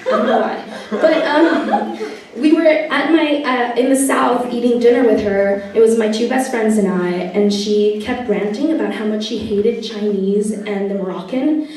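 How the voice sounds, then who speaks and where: A woman's voice: a little high, a little mellow. Young woman doing stand-up. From Spain. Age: young adult. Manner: wry storytelling with long comic pauses. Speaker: stand-up comedian. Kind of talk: stand-up comedy set. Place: comedy club stage. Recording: echoey room, mic at a distance.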